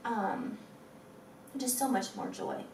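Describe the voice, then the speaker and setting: A fitness instructor in her thirties, with a froggy, scratchy throat, leads a stretching routine and chats encouragingly between cues. Her voice is a little high, slow and somewhat mellow with vocal fry, and she sounds far from the mic in an echoey room.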